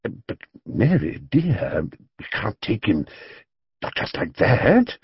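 A man's voice: lowish voice, wildly swooping pitch, slow pace, husky, no room sound, full character voice. A man voicing a cautious middle-aged father in an audiobook, hesitant and fussy. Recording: dull, dry studio audiobook read.

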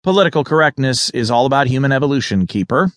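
A man's voice: medium pitch, sing-song, fairly quick, fairly bright tone, dry recording, clean studio sound. An actor narrating an audiobook and voicing a smug middle-aged male governor with a prim, clipped, self-important manner. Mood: proud.

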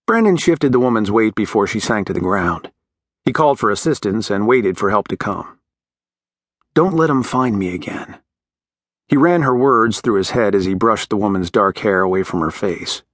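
A man narrating a dramatic novel in a measured, scripted reading as an audiobook narrator. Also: on the low side, lively intonation, no room sound, studio quality.

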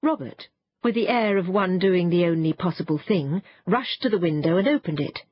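A woman narrating a children's storybook in an expressive, animated way. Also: on the low side, normal speed, breathy edge, no echo, muffled recording. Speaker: audiobook narrator.

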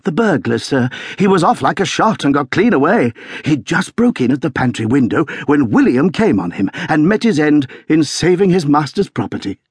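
A man's voice: on the high side, big pitch swings, quick pace, few pauses, fairly bright tone, husky, no echo, clean studio sound, pitched above the performer's own voice, heavily acted. A man voicing a flustered elderly butler who gasps out urgent news with deference. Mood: alarmed.

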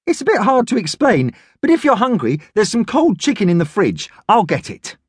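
A man's voice: high voice, huge pitch swings, moderate pace, slightly rough, no room sound, pitched above the performer's own voice, full character voice. This is an eager, imaginative young boy, voiced by a man. He chatters earnestly in a lifted voice that moves up and down a lot. The studio sound is dry.

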